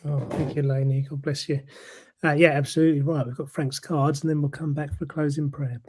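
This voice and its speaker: Husky, level-voiced male service host. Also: on the high side, little pitch movement, brisk, darkish tone. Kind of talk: hosting an online church service.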